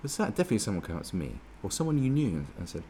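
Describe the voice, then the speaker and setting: Gravelly, sweary man ranting. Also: lowish voice, very animated, rapid-fire, dark tone, a little hiss or hum. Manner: sweary, sarcastic, rambling with many restarts. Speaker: political commentator. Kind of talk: ranting monologue.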